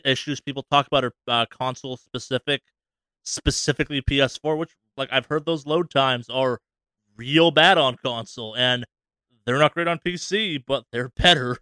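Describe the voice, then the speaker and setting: A man co-hosting a podcast, rambling casually about a video game with many restarts and quick asides. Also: on the high side, clear, resonant tone, dry recording. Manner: rambling, many restarts, animated voices for quotes. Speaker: podcast co-host.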